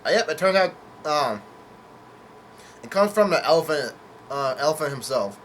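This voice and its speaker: A man's voice: on the high side, animated, normal speed, a bit bright, a little hiss or hum. A man casually recapping a comic chapter, hesitant, with many fillers, self-corrections and casual swearing. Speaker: manga chapter reviewer.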